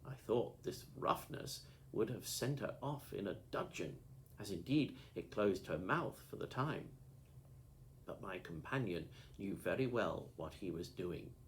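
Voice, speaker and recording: A man narrating an audiobook with lively, expressive storytelling, over a faint background hiss. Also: lowish voice, gravelly, poor audio. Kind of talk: audiobook reading.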